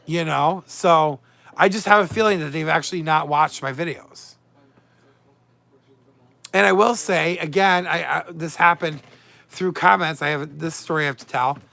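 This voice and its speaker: Chatty, emotional livestream man with gravelly voice. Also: fairly high pitch, normal speed, bright, forceful tone, no echo. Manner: chatty, emotional, swings between moods, reads and answers chat. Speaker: livestream host. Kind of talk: casual livestream chat with viewers.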